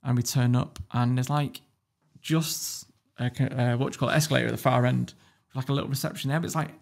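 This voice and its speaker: A man's voice: mid-range voice, steady tone, a little fast, gravelly. A man telling a story as a podcast guest, blunt and swearing freely, laughing as he goes. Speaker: guest entrepreneur. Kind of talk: casual storytelling.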